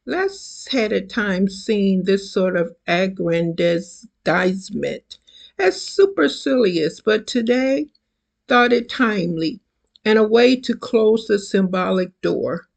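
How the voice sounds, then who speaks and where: An author in their seventies reading their own fiction aloud, taking each phrase slowly and carefully. The voice has a gravelly, creaky texture and a measured, unhurried delivery. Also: medium pitch, lively intonation. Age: 70s. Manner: slow, deliberate, careful reading. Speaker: self-published author. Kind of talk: reading own novel excerpt.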